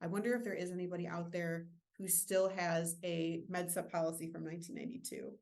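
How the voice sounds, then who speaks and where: A woman's voice: on the low side, little pitch movement, fairly quick, darkish tone. A woman presenting an insurance training webinar, explaining rules in a casual way with filler words and joking asides. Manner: casual, self-deprecating asides.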